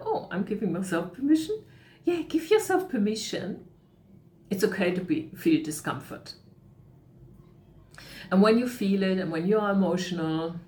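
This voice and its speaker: A middle-aged woman speaking as a coach in a calm, reflective way, sometimes acting out the thoughts in someone's head. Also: on the low side. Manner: calm, reflective, acts out inner voices. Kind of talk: talk on emotional coaching. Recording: echoey room with faint noise.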